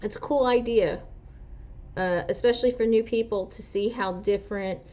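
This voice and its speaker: A woman's voice: medium pitch, fairly even intonation, moderate pace, darkish tone. A woman with a New Jersey accent, a truck driver and instructor hosting a casual livestream and chatting with viewers, rambling with lots of fillers. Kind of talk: casual livestream chat, answering viewer comments. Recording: dull lo-fi livestream audio.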